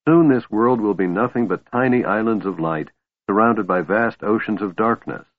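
A man's voice: fairly low pitch, normal speed, close to an everyday voice. A man voicing a weary, bitter young elf woman commander, sighing through her lines. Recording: tinny phone-like line, dry.

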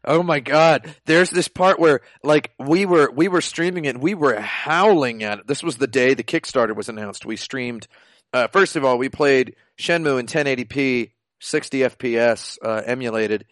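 A man co-hosting a casual podcast, talking excitably and rambling through stories over an online call. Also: medium pitch, normal speed, dry recording. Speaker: podcast co-host. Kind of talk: casual chat. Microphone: online video call.

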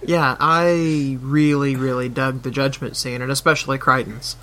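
Bright-voiced laid-back man hosting a podcast. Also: mid-range voice, flat delivery, normal speed. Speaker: podcast host. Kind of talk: casual chat.

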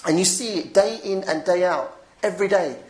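A woman giving an informal religious talk, animated, chuckling now and then and repeating her points. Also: lowish voice, moderate pace. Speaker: preacher. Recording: roomy echo.

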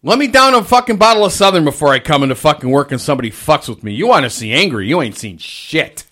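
Male restaurant manager, crude and animated storyteller, swinging pitch. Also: fast talker. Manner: crude, swears constantly, animated ranting. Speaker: fast-food restaurant manager. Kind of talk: casual profane venting chat.

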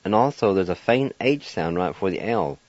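A radio host teaching a language speaks low, slowly and with great patience, his voice expressive and a little mellow. He spells each word letter by letter and repeats every syllable, and the sound is dry, echo-free and somewhat dull, like a vintage broadcast.

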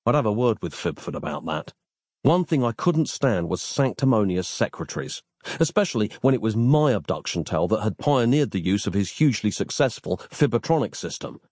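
A man reads a comic story aloud in a wry, deadpan way, letting his pitch rise and fall in lively swoops. The recording is close and dry, with no room sound. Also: brisk, no echo. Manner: wry, deadpan, elaborate phrasing. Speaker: narrator. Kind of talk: scripted comic story narration.

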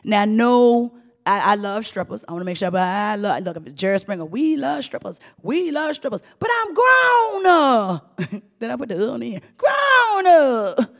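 A middle-aged woman hosting a profane, animated commentary rant, often mimicking voices and laughing. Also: mid-range voice, brisk, creaky, big-room sound. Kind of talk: ranting commentary monologue.

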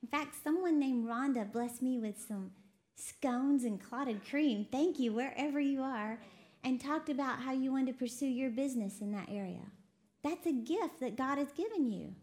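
A woman from Texas preaching a lively sermon, laughing often and quoting voices as she talks. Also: high-pitched, normal speed. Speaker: preacher co-hosting a broadcast. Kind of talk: sermon to a women's audience.

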